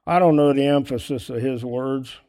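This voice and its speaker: A man's voice: mid-range voice, steady tone, normal speed, dark tone. A man preaching a sermon earnestly, asking his listeners question after question and teaching from a board. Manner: earnest, asks rhetorical questions; writes on a board while teaching.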